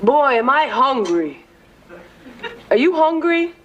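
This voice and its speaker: A woman's voice: high voice, very animated, slow pace, dull audio, slight background noise, full character voice. A timid lovestruck young woman. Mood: nervous. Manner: timid, hesitant. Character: shy young woman smitten with a coworker. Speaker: shop worker. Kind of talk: sitcom acting.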